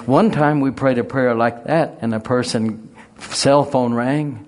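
A man's voice: medium pitch, measured pace, darkish tone. A middle-aged man preaching a sermon and leading a spoken prayer, folksy and conversational, rising into fervent emphasis.

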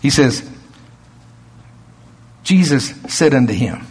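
A man's voice: fairly high pitch, very animated, moderate pace, slightly rough. A man preaching a sermon, emphatic and chuckling often.

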